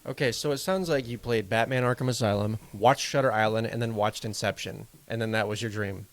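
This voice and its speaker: A man's voice: lowish voice, a little fast. A man co-hosting a podcast in casual chat, dropping wry quips and short reactions. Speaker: podcast co-host.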